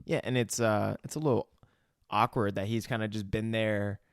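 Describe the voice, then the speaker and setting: A man's voice: lowish voice, steady tone, moderate pace, clear, resonant tone, dry recording, clean studio sound. Wry man co-hosting a podcast. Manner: wry, swears freely. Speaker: podcast co-host. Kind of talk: casual chat.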